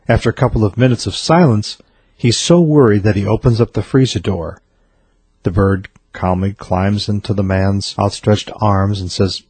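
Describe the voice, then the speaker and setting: A man reading a series of jokes aloud in a steady storytelling delivery. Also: lowish voice, slightly rough, no room sound. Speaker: joke teller.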